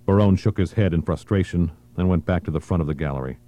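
A man narrates a thriller audiobook in a measured, even way. His voice sits low and sounds very dark and mellow. The reading stays steady throughout.

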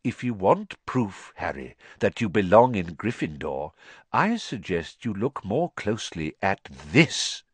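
A man voicing a calm, kindly old headmaster wizard who talks slowly and softly in a storybook reading. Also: low-pitched, breathy edge, dry recording, heavily acted. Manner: slow, soft, gentle and thoughtful.

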